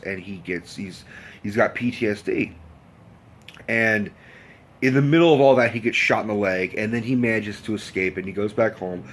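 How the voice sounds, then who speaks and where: A man in a casual vlog rant, telling a story in a rambling, profane way with many restarts. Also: mid-range voice. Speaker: vlogger.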